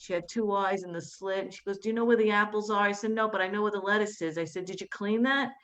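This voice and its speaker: A woman from Staten Island doing a stand-up comedy set, chatty, with quick asides and flat, low-voiced impressions of her family. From Staten Island, New York.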